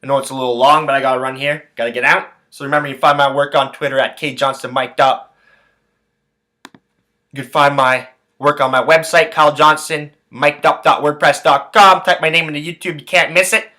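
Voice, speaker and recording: Angry swearing man, bright and tense. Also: fairly high pitch, steady tone, a little fast. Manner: angry, heavy swearing, repeats phrases. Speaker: podcast host. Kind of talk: profane sports rant.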